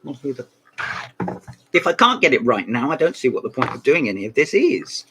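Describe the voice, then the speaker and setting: A man's voice: mid-range voice, sing-song, brisk, background noise. A man in a rambling comic monologue about old books, breaking off into mock phone calls and asides. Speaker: comedy book reviewer.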